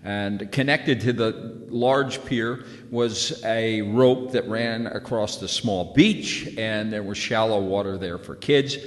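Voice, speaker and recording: A man in his sixties from New Jersey telling a childhood memory in a folksy, conversational way. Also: slow pace. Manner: folksy, conversational, lively pitch. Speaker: storyteller recalling childhood. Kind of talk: casual spoken memoir. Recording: long hall reverb.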